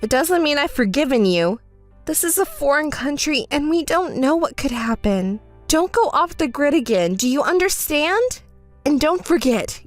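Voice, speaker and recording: A woman reading the bride's messages aloud in a text story, scolding and indignant. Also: sits high. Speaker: narrator voicing the bride.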